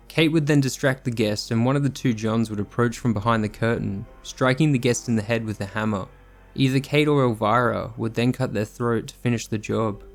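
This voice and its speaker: A man reading a scripted true crime narration in a measured, sombre manner. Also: mid-range voice.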